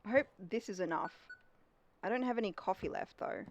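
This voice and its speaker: A woman's voice: medium pitch, brisk, a little hiss or hum, rough recording. Casual streamer: young woman, chatty, reacting to a game and talking to chat.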